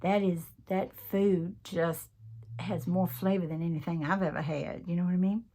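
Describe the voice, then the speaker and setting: A woman's voice: on the low side, fairly even intonation, normal speed, mellow. A woman in her sixties with a Southern US accent, chatting casually and earnestly to her viewers as a craft channel host, full of folksy asides. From American South. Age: 60s. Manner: chatty, earnest, folksy, with many "y'all" and "you know". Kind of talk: casual chat to camera.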